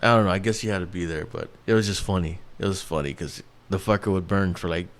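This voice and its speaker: A man's voice: low voice, fast talker. A man in his thirties, from New York, hosting a casual solo podcast, rambling with lots of restarts and fillers and swearing freely. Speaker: podcast host.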